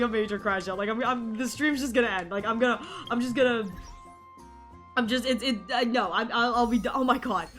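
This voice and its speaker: Sick girl streamer chatting away, high voice, sharp and bright, squeals a lot, soft music under. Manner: excitable, rambling, squealing and laughing at game pulls. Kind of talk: casual live-stream chat while gaming.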